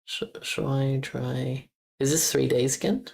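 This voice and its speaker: This woman's voice is extremely low and gravelly, with a darkish tone and lively intonation, as she chats at an easy pace on a live stream. Practicing German, she repeats words aloud to nail the pronunciation and blurts out casual exclamations and swears along the way.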